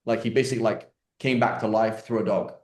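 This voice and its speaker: A man's voice: lowish voice, fairly even intonation, quick pace. A man teaching an online question-and-answer class in a chatty, joking way, with many fillers and restarts. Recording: roomy echo.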